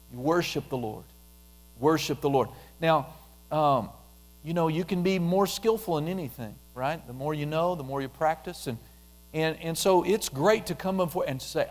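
A man preaching a conversational sermon, repeating phrases and dropping into a soft, quiet voice when he prays aloud. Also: fairly high pitch, moderate pace. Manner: conversational, repetitive, drops softly into prayer voice.

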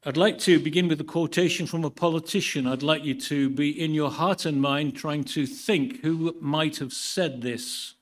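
A man from the United Kingdom preaching a sermon in a church, moving from a measured Bible reading into relaxed talk with dry humour. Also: on the high side.

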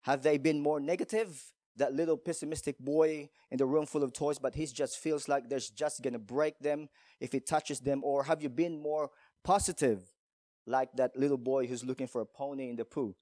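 A man's voice: medium pitch, fairly even intonation, moderate pace, mellow, no room sound, clean studio sound. A male pastor preaching a sermon in a church, emphatic, telling stories and asking rhetorical questions.

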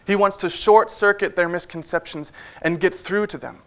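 A man preaching a sermon in a church, in a relaxed, conversational way with frequent fillers and wry asides. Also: sits high, moderate pace, smooth.

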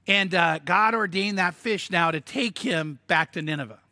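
A man preaching a sermon, telling the story in an animated way with stammered restarts and sudden emphatic bursts. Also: sits high, normal speed, no room sound, clean studio sound. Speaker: pastor.

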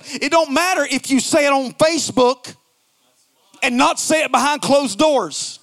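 A man preaching a sermon in a notably high voice. He climbs into loud, shouting emphasis and then drops to quiet, low asides. He acts out quoted lines in mocking little voices. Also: unhurried. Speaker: pastor.

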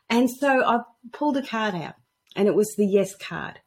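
A woman guest on a casual podcast, telling animated stories and acting out the dialogue in them. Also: mid-range voice, normal speed, slightly rough. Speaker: guest author on intuition. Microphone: podcast microphone at a computer.

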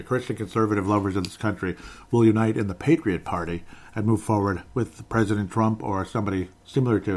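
Heated rambling man on a podcast. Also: fairly low pitch. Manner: rambling, heated, many fillers and restarts. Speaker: podcast host. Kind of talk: political commentary monologue.

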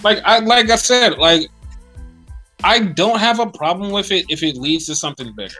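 A man's voice: sits high, lively intonation, normal speed, sharp tone, faint music behind. A man co-hosting a podcast, chatting casually and animatedly about wrestling, swearing often and acting out rants. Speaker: podcast co-host.

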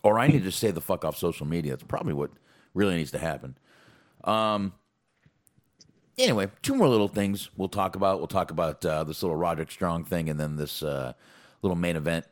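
A man's voice: sits low, brisk. A man co-hosting a casual podcast, rambling and swearing as he recaps wrestling shows. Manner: profane, animated, rambling with fillers. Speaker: podcast co-host.

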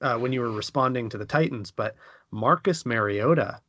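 A man of middle pitch hosts a podcast with a joking, teasing energy and quick bursts of animation. The recording is dry and close, with no room sound around him. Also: a bit bright, no room sound. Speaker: podcast host. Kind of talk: casual chat.

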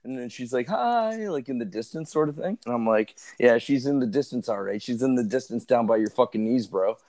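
A man co-hosting a podcast, hoarse as his voice comes back after being sick, talking in a laid-back, profane way. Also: mid-range voice, brisk, warm tone. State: hoarse, voice still recovering from illness. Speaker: podcast co-host. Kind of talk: crude casual chat.

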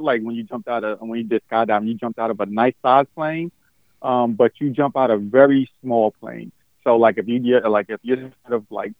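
A man's voice: on the low side, no room sound, phone-quality sound. A man telling a story in casual chat, rambling with many fillers and restarts.

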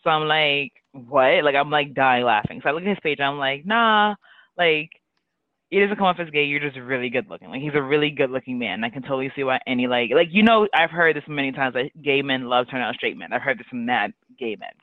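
A man's voice: medium pitch, quick pace, no echo. A man co-hosting a podcast, rambling through a story, laughing and acting out what people said. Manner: rambling, laughing, acts out quotes. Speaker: podcast co-host. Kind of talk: casual storytelling chat. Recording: dry tinny phone-like line.

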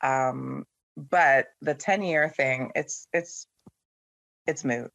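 Casual: guy hosting a chat w friends, snarky and opinionated, mid pitch, super dry close mic. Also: extremely slow, gravelly, no room sound, highs cut off. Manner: opinionated, sarcastic, animated storytelling. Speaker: podcast host.

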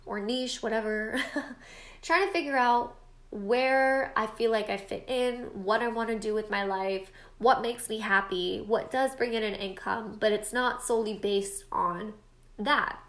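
Casual podcaster, woman in her late twenties, stuffy-nosed, somewhat high voice, roomy echo. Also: measured pace, fairly bright tone. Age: late 20s. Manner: chatty, self-deprecating, encouraging. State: stuffy nose. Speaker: podcast host. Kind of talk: casual solo podcast monologue.

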